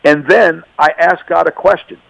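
A man's voice: on the high side, steady tone, normal speed, creaky, fairly bright tone, dry recording, lo-fi sound. A man giving an earnest, emphatic faith testimony as a radio guest, repeating himself and stammering through restarts.

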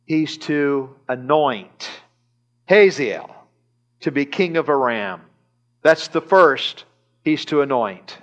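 Male pastor, fairly high voice; animated sermon storytelling with repetition. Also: slow pace, long pauses, highs cut off. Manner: animated retelling with chuckles and repetition. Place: church service.

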